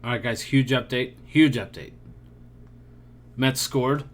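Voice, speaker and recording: Taking his time, a man with a medium-pitched voice co-hosts a podcast, chatting casually about baseball. His talk rambles, frequently trailing off and dissolving into laughter.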